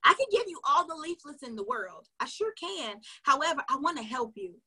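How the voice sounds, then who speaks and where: Recorded for an online video, this woman's high-pitched voice is very animated, pushed and bright, moving at a moderate pace. As a sales coach, she offers viewers chatty, emphatic motivational tips and laughs frequently.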